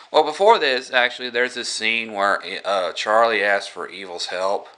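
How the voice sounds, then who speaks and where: A man retells a horror film's plot in a casual, rambling way, full of fillers and restarts. His voice is low and deep, with a bright, forceful edge. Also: moderate pace, hardly any pauses. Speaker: movie reviewer. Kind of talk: casual film review.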